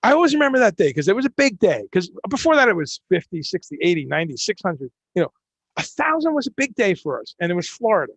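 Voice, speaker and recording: Gravelly chatty male stream host. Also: high-pitched, quick pace, no echo. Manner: animated, chatty, many restarts. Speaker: podcast host. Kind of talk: casual interview chat.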